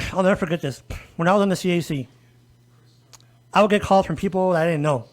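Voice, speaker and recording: Male podcast guest, high voice, emphatic advocate, keeps checking in with the audience. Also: quick pace. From El Paso area, US. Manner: emphatic, repeatedly addressing listeners with "folks" and "okay?". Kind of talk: conversational podcast interview.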